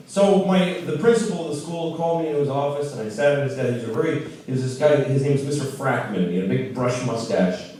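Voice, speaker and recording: A man in his forties doing stand-up, telling a story and acting out voices, swinging from low mutters to shouts. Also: fast talker, a little hiss or hum. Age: 40s. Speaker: stand-up comedian. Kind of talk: stand-up comedy. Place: large live venue. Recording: echoey live venue, distant mic, loud crowd. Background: laughing audience.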